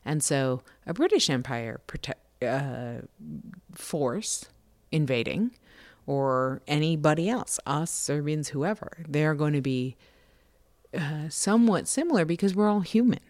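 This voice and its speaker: A woman's voice: low-pitched, expressive, a little slow, darkish tone, dry recording. A woman co-hosting a casual podcast chat, talking animatedly and thinking aloud with restarts. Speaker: podcast co-host.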